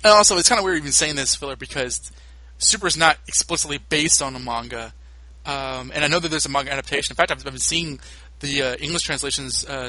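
Guy podcast host, bright voice, loose rambly recap, dry close sound. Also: fairly high pitch, no room sound, rough recording. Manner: rambling, many fillers and restarts. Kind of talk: casual recap chat.

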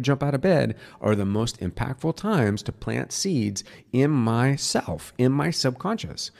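A man hosting a spiritual podcast, teaching in a casual, earnest way and dropping to a soft, slow voice to demonstrate. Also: medium pitch, creaky.

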